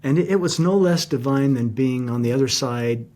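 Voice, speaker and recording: A man's voice: mid-range voice, moderate pace, a little mellow. A middle-aged man, a guest in an interview, telling a personal story in an earnest, heartfelt, reflective way.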